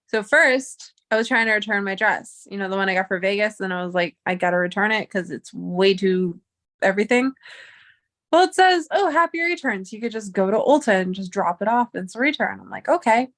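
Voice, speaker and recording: A woman's voice: medium pitch, animated, fairly quick, a bit bright. A young woman recounts her day to her viewers in a casual storytime vlog. She is chatty and exasperated, and she swears freely as she goes. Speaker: vlogger.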